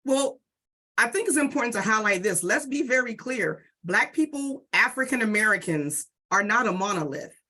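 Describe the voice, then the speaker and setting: A middle-aged woman from the DC area speaks on a panel, her voice sitting a little high. She tells lively stories and acts out the quoted back-and-forth. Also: normal speed, slightly rough. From Southeast DC and Prince George's County, Maryland. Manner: animated storytelling, acts out quoted exchanges. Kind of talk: panel discussion.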